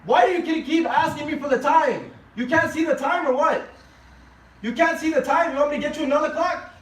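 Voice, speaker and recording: A man voicing an impatient grown son who yells exasperated questions at his father. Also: extremely high pitch, brisk, pitched above the performer's own voice. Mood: yelling. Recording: echoey hall, distant mic.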